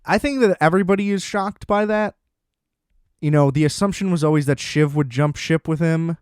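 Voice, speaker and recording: A man talking alone into a close podcast mic, rambling and swearing with excitement. His voice sits a bit higher than most men's. The sound is dry and close, with little room around it. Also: normal speed, clear, resonant tone, dry recording. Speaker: podcast host. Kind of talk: casual solo podcast rant.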